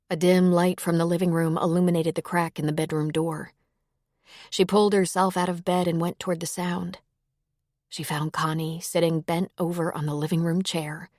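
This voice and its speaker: Audiobook narrator, woman, low voice, measured and even, dry close sound. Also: dry recording.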